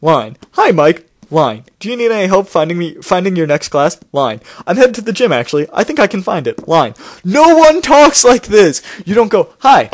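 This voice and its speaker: A man's voice: high-pitched, big pitch swings, a little fast, hardly any pauses, no echo, studio quality. A man reading a novel aloud and mocking it with sarcastic commentary, laughing often between lines. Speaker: book reader and commentator. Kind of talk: sarcastic read-along commentary.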